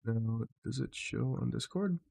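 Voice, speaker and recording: A man's voice: mid-range voice, lively intonation, a little slow, vocal fry, warm tone. A man live streaming, frustrated as he fixes his setup, swearing and muttering to himself.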